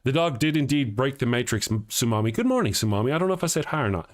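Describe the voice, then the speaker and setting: Man, livestream host, casual chat, jokey, chuckles a lot, animated voice, mid pitch. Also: fast. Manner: joking, chuckles often, animated. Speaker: host of a live morning show. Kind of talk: casual livestream chat reading viewer comments.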